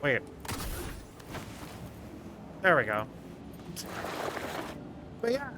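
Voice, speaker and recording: A man's voice: a little high, wildly swooping pitch, extremely slow, background noise. A man streaming a game, chatting casually with viewers in a rambling, jokey way. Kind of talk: casual gameplay commentary.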